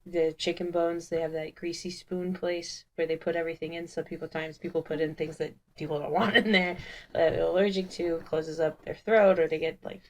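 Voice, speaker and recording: Blunt low-voiced woman player. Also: fairly even intonation, darkish tone. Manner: blunt, quick rambling answers. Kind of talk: playing a tabletop game.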